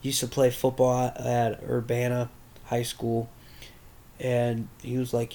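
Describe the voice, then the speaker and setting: A man's voice: mid-range voice, completely flat delivery, slow pace, warm tone. A young man candidly telling a personal story, rambling and swearing, as a podcast host. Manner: candid, rambling, with crude language.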